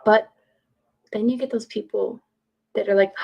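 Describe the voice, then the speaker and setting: A woman's voice: medium pitch, fairly even intonation, a little slow, creaky, long pauses, darkish tone, low-quality recording. A woman chatting casually on a live stream, blunt and opinionated, swearing freely. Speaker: streamer, podcaster. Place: home.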